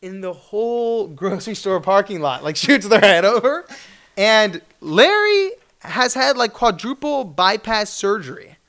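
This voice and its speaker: A young man in his twenties telling a story at a fireside chat, with a bright, forward voice. His pitch leaps around as he acts out the people in it, and he laughs and bursts into shouts along the way. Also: very animated, unhurried.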